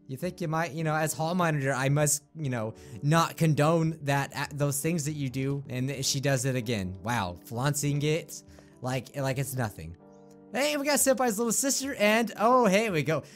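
A man giving excitable gameplay commentary, laughing often and chatting to the characters on screen. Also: fairly high pitch. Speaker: gaming video creator.

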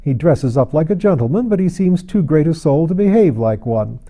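A man's voice: on the high side, expressive, moderate pace, warm tone. A man voicing a hearty, mocking anarchist leader in an audiobook, talking in a jovial, teasing way. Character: hearty, mocking, boisterous older male anarchist chief.

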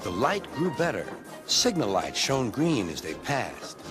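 A man reads a children's train story aloud, his pitch swinging widely from line to line. Music plays clearly behind his voice, and he gives the characters their own voices as he goes. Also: wildly swooping pitch, unhurried. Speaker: narrator. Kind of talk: storybook narration in a remix video.

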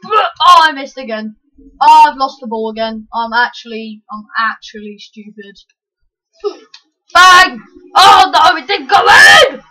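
A woman giving excitable live commentary over her own gameplay, yelling at the screen with quick self-mocking asides. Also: high-pitched, poor audio. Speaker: gaming channel host.

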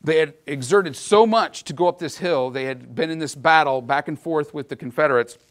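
A man's voice: a little high, brisk, a bit bright. Conversational man giving a history lecture. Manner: conversational, checks in with listeners. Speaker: history presenter. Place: room with a live audience.

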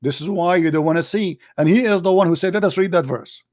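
A combative man with a high voice argues hard on a livestream, cutting in and repeating himself insistently. His voice is getting worn as he talks. The sound is close and dry. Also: fast, darkish tone, dry recording. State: losing his voice. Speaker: livestream debate host. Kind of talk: heated live call-in debate.

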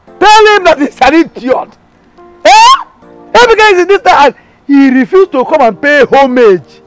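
An actor with a Nigerian accent playing a loud, arrogant village man who shouts insults and mocks. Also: very high voice, very animated, normal speed. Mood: indignant. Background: background music.

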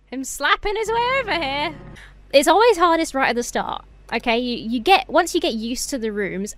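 A young woman streaming games, excitable, often laughing and yelping. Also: a little high, normal speed. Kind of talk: gaming livestream commentary.

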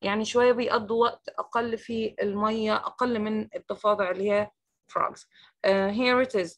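Her voice is a little high and fairly bright. An Egyptian-accented teacher, she runs an online English lesson on a video call, repeating new vocabulary several times and explaining it in Arabic.

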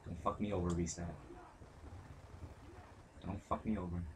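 A young man giving live commentary over a shooter match, muttering play-by-play, swearing constantly and breaking into angry shouts. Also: low-pitched, steady tone, normal speed, noisy background. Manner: mutters play-by-play under his breath. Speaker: gaming commentator.

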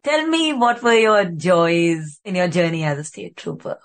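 A woman's voice: lowish voice, sing-song, a little slow. A woman hosting a podcast, asking a guest encouraging interview questions.

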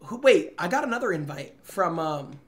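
A young man streaming a game, chattering excitedly to his chat in slangy, excitable commentary. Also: on the high side, moderate pace, a little hiss or hum. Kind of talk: live gaming commentary.

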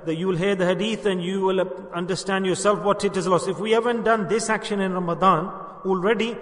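A man's voice: high voice, fairly bright tone, big-room sound. A man giving an earnest sermon as a religious teacher, repeating phrases for emphasis and putting questions to his listeners.

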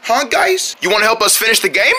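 A woman's voice: on the high side, sing-song, quick pace, noisy background. A woman performing playful skits and mock ads, switching between silly character voices.

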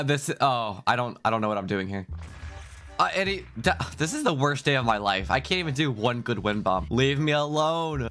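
Animated young man, laughing through game commentary. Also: fairly high pitch. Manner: self-mocking, laughs often, frequent yelps of alarm. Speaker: gaming YouTuber. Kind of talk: let's play commentary.

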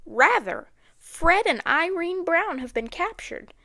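A man's voice: extremely high pitch, sing-song, takes it slowly, pushed and bright, no echo, pitched above the performer's own voice, heavily acted. A woman reading an audiobook, voicing an eager young man who talks hurriedly.

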